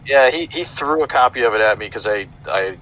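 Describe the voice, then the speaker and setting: A man's voice: medium pitch, animated, brisk, crowd noise, low-quality recording. A man co-hosting a casual podcast, talking hesitantly and trailing off. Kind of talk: casual chat. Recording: faint background noise.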